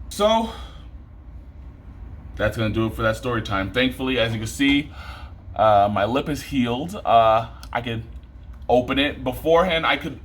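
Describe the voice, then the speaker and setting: A young man vlogging a storytime, animated and exasperated, his voice jumping up when he rants. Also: medium pitch, slight background noise. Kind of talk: storytime vlog.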